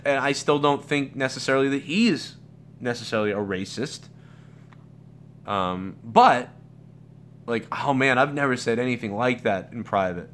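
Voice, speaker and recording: On his livestream, this host fields questions in a loose, rambling manner, cursing freely and frequently restarting himself amid lots of fillers. His pitch is fairly low with a slightly bright tone, and the recording carries a faint hiss or hum.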